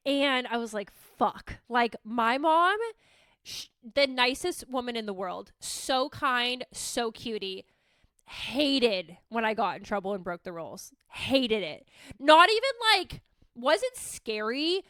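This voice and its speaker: A woman's voice: high voice, animated, measured pace, bright, forceful tone, no echo. A woman in her thirties hosting a podcast, telling a personal story in a candid, casual way, swearing freely and laughing as she goes. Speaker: podcast host.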